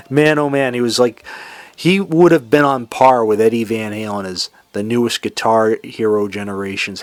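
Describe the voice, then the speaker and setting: A man with a Boston accent hosting a solo classic rock show, talking with excitement and now and then singing bits of lyrics. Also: fairly low pitch, no echo. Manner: enthusiastic, sings lyrics and imitates singers. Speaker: podcast host. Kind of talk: casual solo music commentary.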